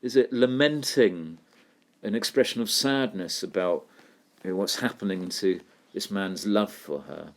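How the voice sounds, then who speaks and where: A man's voice: on the low side, a little slow. A man teaching a poetry lesson, thinking aloud and putting questions to his students. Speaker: English literature teacher.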